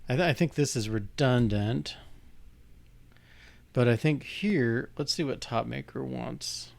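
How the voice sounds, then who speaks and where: This programmer's medium-pitched voice is unhurried and creaky as he demonstrates code in a casual live walkthrough. He reasons aloud over the on-screen code, frequently starting over and leaning on fillers.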